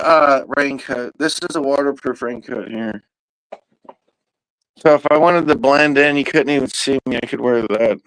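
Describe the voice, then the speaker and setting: A man's voice: medium pitch, moderate pace, a bit bright, no room sound, low-quality recording. A man vlogging casually outdoors in the rain, rambling and swearing loosely to himself and his cat.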